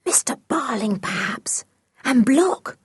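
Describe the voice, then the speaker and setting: A woman voicing a fierce, loyal young tomboy girl in a storybook, calling out in high, urgent cries. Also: wildly swooping pitch, slow, gravelly, no room sound, heavily acted. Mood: whispering.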